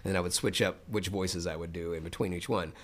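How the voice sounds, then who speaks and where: A man's voice: low-pitched, a little fast. A man from Memphis, Tennessee, a voice actor telling stories animatedly as a guest in a casual interview. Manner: animated storyteller who slips into voices.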